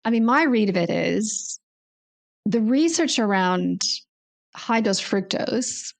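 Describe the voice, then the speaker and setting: A woman's voice: medium pitch, expressive, takes it slowly, creaky. A woman guest, a naturopathic doctor, explaining at length in a conversational interview, often restarting and thinking aloud.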